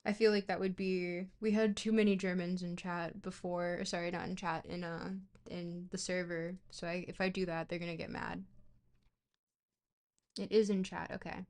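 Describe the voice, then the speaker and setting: A woman's voice: on the low side, level tone, moderate pace, a little mellow. A young woman streaming herself reading a philosophy book aloud. She stumbles and corrects herself often and breaks off to chat with viewers. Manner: stumbling, self-correcting reader; chatty asides to chat between passages.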